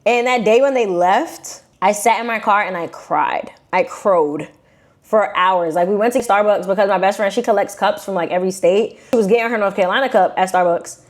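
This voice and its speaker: A young woman from Brooklyn with a New York accent, telling a personal story to her viewers in a casual, animated, slangy way. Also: mid-range voice, brisk. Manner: animated, slangy, acts out quotes in shifting voices. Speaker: vlogger.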